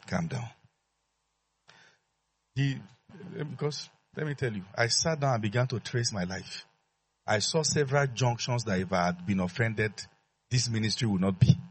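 A man's voice: mid-range voice, normal speed, breathy edge. A man preaching a sermon as pastor, emphatic, repeating his phrases and leading call-and-response with the congregation.

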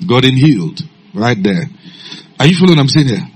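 Husky-voiced man preaching a sermon. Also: fairly quick. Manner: swings from low calm storytelling to sudden loud shouted commands.

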